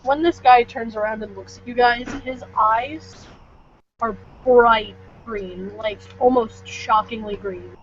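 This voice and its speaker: A woman acting as game master, setting scenes at an unhurried pace as she narrates a tabletop game. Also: a little high. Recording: muffled lo-fi recording with faint noise.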